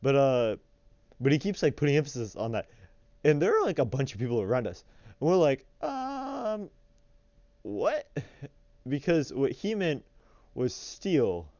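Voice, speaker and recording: A young man telling a story in a casual, rambling way, full of fillers and animated retellings. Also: mid-range voice, normal speed, long pauses, no echo, highs cut off.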